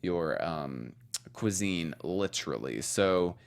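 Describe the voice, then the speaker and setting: A man's voice: low-pitched, expressive, slow, vocal fry, clear, resonant tone. A man co-hosting a casual after-show, recapping an episode with campy, playful banter.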